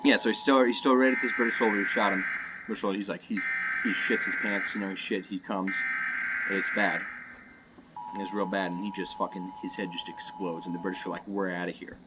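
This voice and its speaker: A man's voice: deep voice, fairly even intonation, fairly quick. A young man giving rambling, joking commentary over a horror game, hedging often and wandering off topic. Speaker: gameplay commentator. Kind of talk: rambling let's-play commentary. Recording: loud game noise behind voice.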